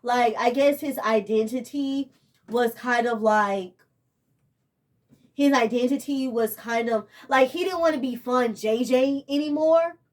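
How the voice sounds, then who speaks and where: Young woman, emotional rambling vlogger, slightly high voice. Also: measured pace. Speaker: TV show reviewer. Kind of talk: casual vlog review.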